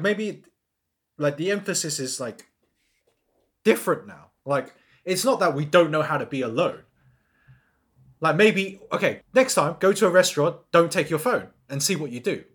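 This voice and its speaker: Lively-voiced podcast co-host, full of "like"s. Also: medium pitch. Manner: questioning, uses "like" as filler a lot. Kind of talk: casual chat.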